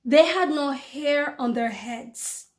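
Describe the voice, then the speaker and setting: A woman's voice: high-pitched, lively intonation, slow. A woman giving a spoken religious testimony in an earnest, repetitive way, calling her listeners brothers and sisters.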